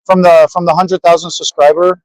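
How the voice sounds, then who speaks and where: A man with a high voice co-hosts a podcast in lively, teasing banter. He sounds worn out but keeps the energy up. The recording is close and dry. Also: fairly quick, no room sound, rough recording. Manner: animated, teasing, says they are exhausted. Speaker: podcast co-host. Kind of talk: casual banter. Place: trade show floor.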